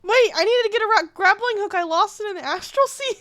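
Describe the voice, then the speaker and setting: A woman's voice: extremely high pitch, brisk, fairly bright tone, no echo, clean studio sound. A woman playing a tabletop game, bantering and joking with the game master. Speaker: player. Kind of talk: casual tabletop play.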